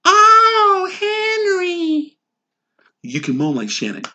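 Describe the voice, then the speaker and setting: A breathless, squealing young woman, put on by a woman for a comedic sitcom reenactment. She swoons in a very high, breathy voice and sounds completely over the top. Her pitch leaps all over the place. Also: huge pitch swings, slow, bright, forceful tone, dull audio, exaggerated voice. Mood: swooning.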